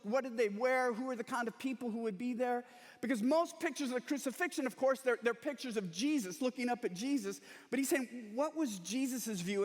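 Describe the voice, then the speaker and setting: A man's voice: very high-pitched, in a large hall. A male pastor preaching a sermon, telling anecdotes with touches of humor in a storytelling manner. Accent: Texan. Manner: storytelling with humor and quoted last words. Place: large church sanctuary.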